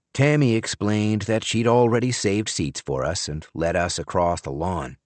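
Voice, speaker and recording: A man narrating a novel in the first person, wry and expressive. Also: sits low, no echo. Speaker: audiobook narrator.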